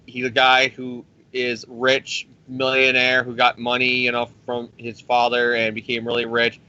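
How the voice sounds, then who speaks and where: A man's voice: medium pitch, pushed and bright, dull audio. A man casually recapping a comic storyline, rambling and profane, and briefly voicing the characters as he goes. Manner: rambling, profane, acts out characters in quick impressions. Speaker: comic book podcast host.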